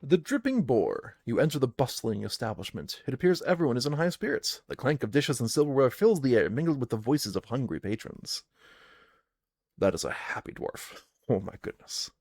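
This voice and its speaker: A man's voice: medium pitch, sing-song, brisk, hardly any pauses, a little mellow, no echo. A man narrating a solo tabletop game on a live stream, reading game text aloud and chatting to himself as he plays.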